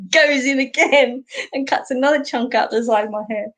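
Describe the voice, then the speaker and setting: A woman's voice: sits high, moderate pace, a bit bright. A middle-aged Australian woman hosting a live stream, chatting casually with viewers in a rambling way and laughing often. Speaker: host.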